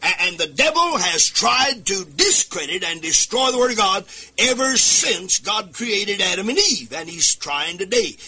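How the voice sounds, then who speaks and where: A man preaching a sermon into a microphone at a desk, fervent and singsong, bursting into shouts. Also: sits high, very animated, a little slow, breathy edge, soft background music. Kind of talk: radio sermon.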